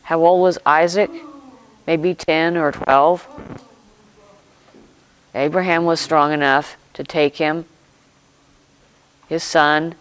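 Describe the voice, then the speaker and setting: A pastor preaching a sermon, retelling a scripture story in slow, deliberate short phrases with pauses and reflecting aloud. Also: mid-range voice, steady tone, a bit bright, slight background noise, low-quality recording.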